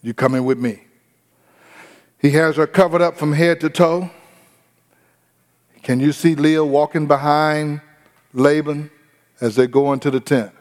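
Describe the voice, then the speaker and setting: Male pastor, storytelling sermon, slightly high voice, long hall reverb. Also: a little mellow. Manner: storytelling, addresses congregation directly.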